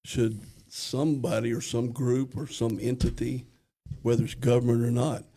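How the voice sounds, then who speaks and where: A man's voice: medium pitch, little pitch movement, normal speed, creaky, dark tone. A man on a podcast telling a plain-spoken story step by step in casual talk. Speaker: podcast co-host.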